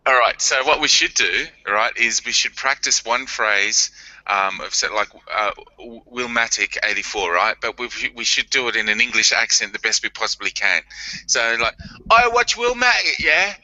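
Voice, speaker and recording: Aussie guy chatting with mates, super bright voice, swears n laughs lots, dry dull-sounding mic. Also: on the low side, steady tone, moderate pace, no room sound. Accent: Australian. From Australia. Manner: jokey, swearing, laughs a lot. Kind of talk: casual group chat.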